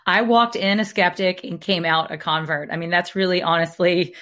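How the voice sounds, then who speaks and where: A woman's voice: lowish voice, steady tone, normal speed, fairly bright tone. Chatty woman co-host. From Alabama. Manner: chatty, laughs easily, self-deprecating. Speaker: podcast co-host. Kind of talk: casual chat.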